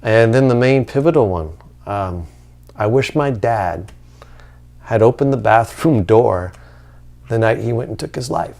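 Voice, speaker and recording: A man telling a personal story in a hesitant, quiet, reflective way. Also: on the low side, vocal fry.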